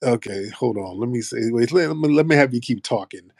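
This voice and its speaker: A man's voice: mid-range voice, lively intonation, fairly quick, creaky, darkish tone, dry recording, studio quality. A man hosting an online audio show, chatting loosely and playfully with plenty of swearing. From United States. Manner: loose, profane, playful banter. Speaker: host. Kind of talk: casual chat.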